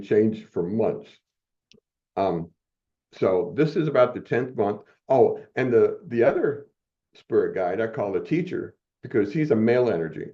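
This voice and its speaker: With a fairly low pitch and dark tone, an older man on a podcast tells a rambling personal story during a casual interview. He chuckles often and keeps restarting to correct himself, and the recording is muffled and dull.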